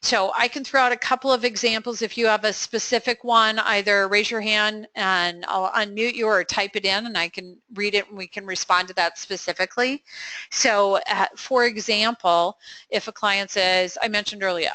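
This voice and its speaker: A middle-aged woman hosting a live coaching webinar Q&A, upbeat and encouraging with quick affirmations and frequent fillers. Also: mid-range voice, steady tone, sharp tone, dry recording.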